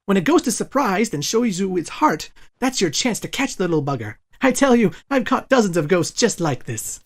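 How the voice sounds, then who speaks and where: A man's voice: sits high, very animated, moderate pace, exaggerated voice. A man voicing a folksy, boastful ghost-hunting guide writer, reading the guide's advice aloud.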